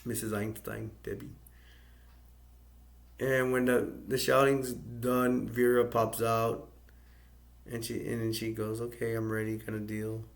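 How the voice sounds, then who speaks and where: A man from the United States casually recapping a film's plot in a flat, rambling way. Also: mid-range voice, slow pace, vocal fry, pauses often. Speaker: movie reviewer.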